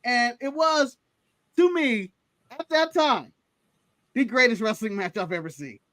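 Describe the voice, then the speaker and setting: Male co-host, high voice, dry close sound, nostalgic storyteller. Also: lively intonation, measured pace, pushed and bright, no room sound. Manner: nostalgic storyteller, acts out his own past reactions. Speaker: podcast co-host. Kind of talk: casual wrestling chat.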